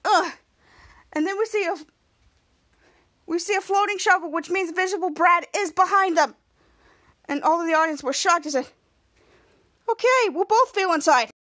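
A woman hosts a podcast, retelling a TV episode scene by scene in a halting, rambling way full of restarts. Her voice is very high. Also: steady tone, bright, forceful tone. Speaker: podcast host.

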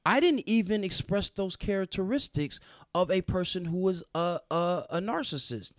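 Man, podcast co-host, fairly high voice, earnest, halting restarts, dry close mic. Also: expressive, no echo. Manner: earnest, restarts often, slow and emphatic at times. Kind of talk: casual podcast discussion.

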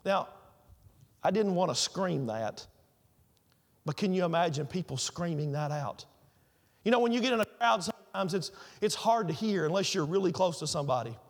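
A man's voice: sits high, creaky, big-room sound. A man preaching a sermon, telling stories and repeating phrases for emphasis. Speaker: pastor.

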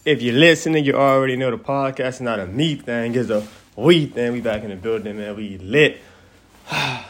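A young man hosting his own podcast, chatting casually in an animated, rambling way and swearing freely. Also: medium pitch, normal speed. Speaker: podcast host. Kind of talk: casual solo podcast chat.

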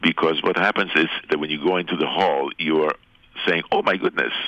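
An older man, a guest violinist calling in, gives unhurried, chuckling advice with some restarts. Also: very deep voice, fairly even intonation, sharp tone, dry recording. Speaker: guest violinist on a phone call. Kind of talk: casual phone conversation. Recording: phone line.

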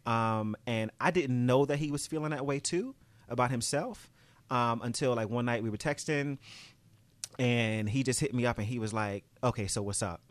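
A man's voice: medium pitch, normal speed, dry recording. A man in his thirties hosting a podcast, chatting candidly and laughing often, with plenty of fillers. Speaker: podcast host. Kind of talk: casual chat.

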